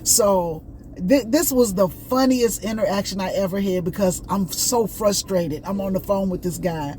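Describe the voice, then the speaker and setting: A woman hosting a casual vlog, chatting and telling stories in an animated way while out on a morning walk. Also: medium pitch, normal speed, slight background noise. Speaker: vlog host. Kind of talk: casual chat.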